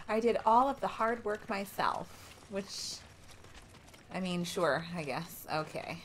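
A woman's voice: mid-range voice, animated, slow, fairly bright tone, a little hiss or hum. A woman commenting live on her own gameplay, swearing often and sounding exasperated and sarcastic. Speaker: streamer. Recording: game music behind voice.

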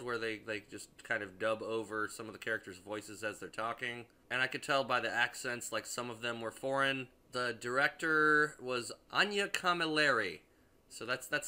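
A man's voice: medium pitch, pushed and bright, smooth. A young man casually reviewing a movie, rambling and profane, with lots of restarts and filler words.

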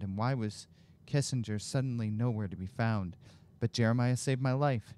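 A man's voice: lowish voice, warm tone, natural voice. A man reading a game journal aloud in a put-on Irish or Scottish accent, voicing an exiled war veteran. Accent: mock Irish or Scottish.

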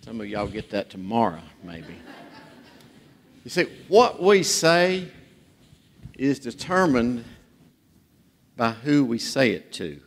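A man's voice: medium pitch, very animated, takes it slowly, pauses often, slight background noise. A man preaching a sermon in a church, telling jokes and stories in a folksy way. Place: church sanctuary. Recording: reverberant church hall.

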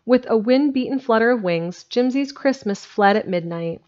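A woman reading a storybook aloud in a steady, plain way on a home stream. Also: fairly high pitch, normal speed. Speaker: amateur audiobook reader. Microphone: home streaming microphone. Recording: dull lo-fi home recording.

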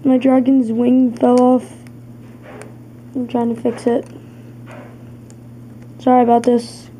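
A woman's voice: a little high, little pitch movement, takes it slowly, warm tone, slight background noise, rough recording. A woman casually narrating her own toy play video, with chatty, apologetic asides as she fixes and handles the toys.

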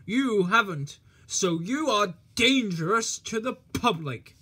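A man voicing a grumpy, pompous country policeman who speaks loudly and slowly, spluttering. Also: sits high, lively intonation, husky, pitched above the performer's own voice, full character voice. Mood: accusing. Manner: spluttering, loud and slow.

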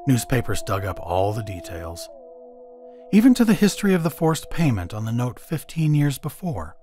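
A man's voice: mid-range voice, a little mellow. A man narrating a science fiction story with dramatic expression on his podcast. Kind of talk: story reading.

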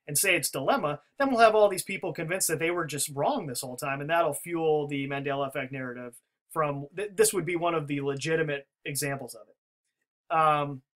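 A man's voice: fairly high pitch, brisk, a bit bright. A man talking through a theory in casual spoken commentary, rambling with many restarts and fillers. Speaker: video commentator.

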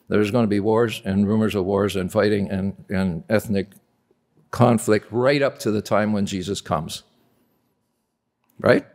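A man's voice: lowish voice, a little mellow. A male pastor preaching a sermon at a convention, emphatic and repeating key words for stress. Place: convention hall.

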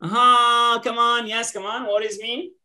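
Bright-voiced woman teaching online. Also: fairly high pitch, level tone, normal speed. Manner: mixes English and Arabic, asks "right?" constantly. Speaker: English teacher.

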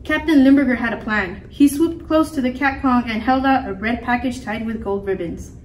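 Storybook reader, woman, high voice, lively, echoey room recorded from afar. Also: moderate pace. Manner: lively expressive reading. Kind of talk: reading a picture book aloud. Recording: echoey room, mic far off, faint noise.

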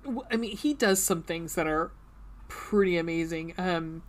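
A woman's voice: on the low side, measured pace. Chatty woman hosting a book podcast. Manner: chatty, full of fillers and restarts, laughs while reading. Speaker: book club podcast co-host. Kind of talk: casual chat and reading aloud.

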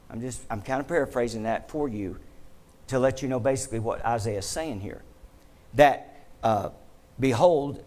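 Emphatic man preaching a sermon. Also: fairly high pitch. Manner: emphatic, repeats phrases, asks congregation questions. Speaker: pastor. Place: church sanctuary.

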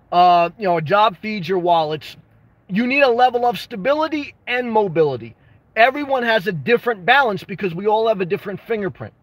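A man with a notably high voice hosts a casual livestream, answering his viewers' comments one after another. He gives blunt, jokey advice and breaks into excited outbursts now and then. The sound is dry and close, with no room echo. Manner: reads and responds to viewer comments. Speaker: livestream host answering chat.

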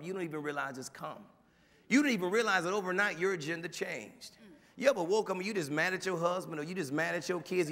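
A male pastor preaching a sermon in a church, animated, dropping to quiet asides and rising to shouted mimicry. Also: fairly high pitch, in a large hall. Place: church sanctuary.

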